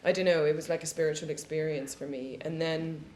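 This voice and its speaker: A woman's voice: deep voice, steady tone, fast, darkish tone. A woman guest on a live panel telling candid, profane stories and often laughing. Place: studio panel discussion before an audience. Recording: roomy echo with faint background hiss.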